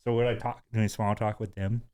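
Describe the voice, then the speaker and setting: A man with a fairly low voice tells a long, rambling story on a casual podcast. He fills his talk with likes and ums and breaks into giggles often. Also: little pitch movement, brisk, a little mellow, smooth. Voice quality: giggly, rambling with many fillers. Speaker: podcast host.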